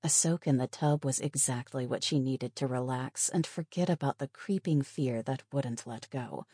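Low husky woman reading a story. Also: moderate pace, mellow, no room sound, studio quality. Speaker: audiobook narrator. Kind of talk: scripted narration.

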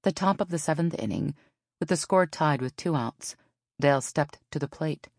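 Woman reading an audiobook, really low voice, dry close sound. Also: animated, moderate pace, gravelly, no room sound. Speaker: audiobook narrator. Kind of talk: scripted narration.

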